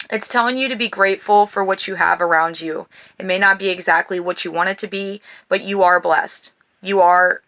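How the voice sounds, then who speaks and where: A bright-voiced woman giving a card reading. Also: lowish voice. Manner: reads blessings slowly, then talks warmly and emotionally to viewers. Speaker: tarot and oracle card reader. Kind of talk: spiritual card reading to viewers.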